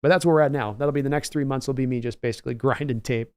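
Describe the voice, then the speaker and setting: A man's voice: medium pitch, steady tone, rapid-fire, a little mellow, clear, resonant tone, no echo. A man hosting a casual livestream, chatting loosely and answering viewers' comments by name. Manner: rambling, conversational, reads out viewer names. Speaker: host.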